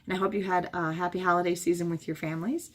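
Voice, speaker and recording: A hoarse middle-aged woman chatting casually as a travel vlogger, rambling through memories with many fillers. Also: fairly low pitch, level tone, quick pace. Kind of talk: casual chat.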